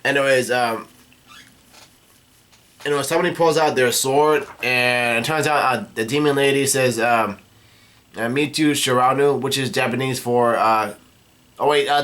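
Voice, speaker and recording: A man casually recapping a comic chapter, halting with many fillers and restarts. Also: mid-range voice, a bit bright.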